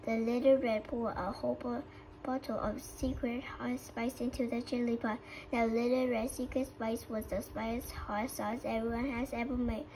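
A woman with a Vietnamese accent reads a children's story aloud. Her voice sits a little high, and her reading halts with frequent slips and restarts. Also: little pitch movement, moderate pace, darkish tone, a little hiss or hum, rough recording. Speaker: storybook reader.

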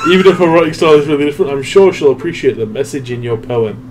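A man's voice: a little high, expressive, quick pace, music in the background, low-quality recording. A man playing a visual novel with friends, reading its dialogue aloud and making wry asides. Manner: reads game text aloud with wry asides. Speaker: let's play commentator. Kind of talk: group game playthrough, reading dialogue aloud.

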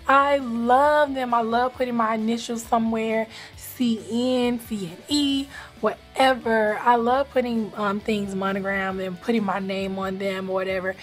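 A young woman from Atlanta with a light Southern accent, chatting fast and casually to camera with lots of "like". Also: on the high side. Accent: Atlanta Southern American. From Atlanta, Georgia, US. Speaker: vlogger.

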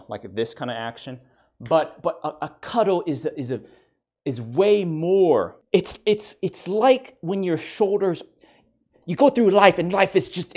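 A man's voice: fairly high pitch, darkish tone. A man giving a comedic mock lecture, ranting in exasperation and stammering over repeated words. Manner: mock-serious professor persona.

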